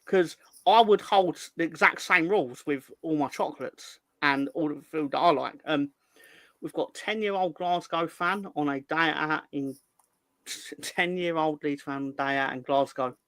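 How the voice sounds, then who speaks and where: Excitable, playful man. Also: on the high side, normal speed, no echo. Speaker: host. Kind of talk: casual live show chat, reading viewer comments.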